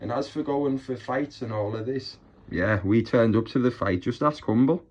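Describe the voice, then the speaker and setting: A man's voice: mid-range voice, normal speed, darkish tone, muffled recording. A man on a YouTube channel delivering a mocking, boastful rant straight to his rivals. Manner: taunting, boastful, scornful.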